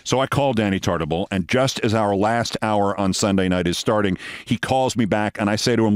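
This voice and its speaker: An older man hosting a show, telling a long anecdote in a lively way and acting out the dialogue. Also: on the low side, moderate pace, smooth, no echo, studio quality. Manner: lively storyteller, acts out quoted dialogue. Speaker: host. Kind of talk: storytelling anecdote.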